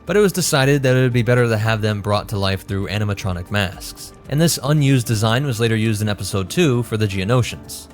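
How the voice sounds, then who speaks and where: A man hosting a lore channel, giving brisk, informative scripted narration. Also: lowish voice.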